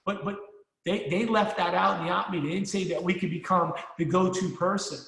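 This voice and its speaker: A man's voice: sits high, fairly even intonation, a little fast, a bit bright. Fired-up man speaking in an echoey hall. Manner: punchy, rallying, repeats himself, swears casually. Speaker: motivational speaker at a sales meeting. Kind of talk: fired-up motivational speech. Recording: echoey hall, long reverb.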